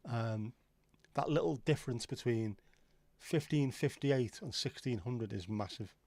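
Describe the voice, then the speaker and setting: A man's voice: mid-range voice, unhurried, darkish tone, no echo. Jokey man chatting on a dry mic. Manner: rambling, jokey, swears casually. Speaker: livestream host. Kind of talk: casual chat reading viewer comments.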